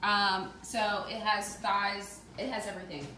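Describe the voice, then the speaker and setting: A woman's voice: medium pitch, flat delivery, measured pace, bright, forceful tone, roomy sound, a little hiss or hum. A woman co-hosting a cooking show, teasing her partner in playful, casual banter.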